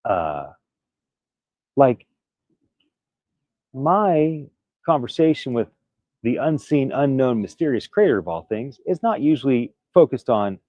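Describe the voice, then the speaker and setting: A man's voice: medium pitch, big pitch swings, a little slow, pauses often, dry recording, highs cut off. A man recovering from illness, earnestly telling a personal story to camera in a casual, candid way. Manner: candid, earnest, prone to restarts and little laughs. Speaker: vlogger.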